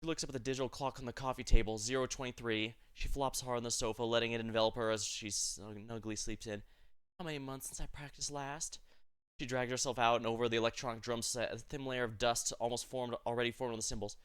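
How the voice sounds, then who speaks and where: A man reads a game story aloud on stream, breaking in with chatty asides. His voice is bright and smooth, at an ordinary male pitch. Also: flat delivery, fast talker, hardly any pauses. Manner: chatty, self-correcting. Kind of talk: reading a story aloud with commentary.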